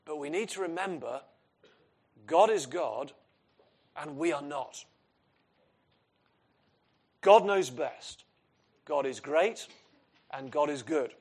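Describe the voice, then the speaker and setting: A man's voice: on the high side, animated, takes it slowly, pauses often, darkish tone, husky. A man preaching an expository sermon, earnest and emphatic, asking his listeners questions.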